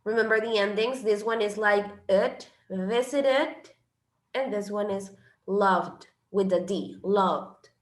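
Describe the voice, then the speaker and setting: Unhurried and steady, the woman's mid-range voice carries through an echoey classroom as she teaches English grammar. Spanish is her first language, and she patiently explains by switching between it and English.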